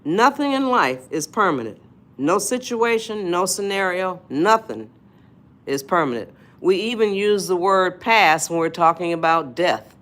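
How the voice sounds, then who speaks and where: A woman speaks slowly and deliberately on a live stream, giving a motivational talk. Her fairly low voice swoops up and down a great deal as she drives each point home and keeps checking that her viewers follow. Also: lively intonation, a bit bright. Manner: emphatic, repeats "you see?", addresses viewers as y'all.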